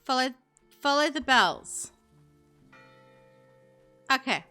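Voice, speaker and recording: A woman's voice: high-pitched, lively intonation, takes it slowly, pushed and bright, clean tone, soft background music. A woman chatting with her stream while playing a game, thinking aloud with many fillers. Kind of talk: casual live-stream chat while gaming.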